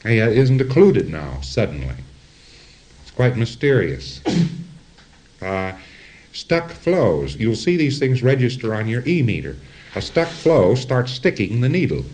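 A man's voice: medium pitch, very animated, unhurried, a little mellow. A man giving an informal lecture, rambling, acting out examples and often checking in with his listeners. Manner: rambling, illustrates with acted-out examples and asides.

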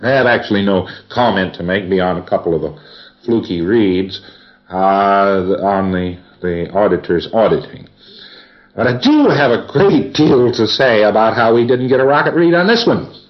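A man's voice: lowish voice, expressive, moderate pace, dull audio, faint music behind. A man giving a rambling, folksy lecture, reviewing sessions for a class with chuckles and asides.

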